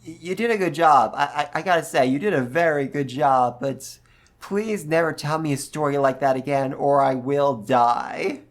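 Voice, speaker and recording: A man's voice: fairly high pitch, moderate pace, lightly acted. A man voicing a rattled male merchant who stammers his praise. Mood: shaken.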